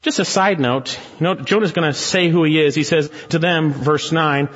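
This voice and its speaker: A man's voice: a little high, fairly even intonation, moderate pace, fairly bright tone, long reverb tail, highs cut off. A man preaching an expository sermon, emphatic and dramatic as he walks through a passage. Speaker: pastor.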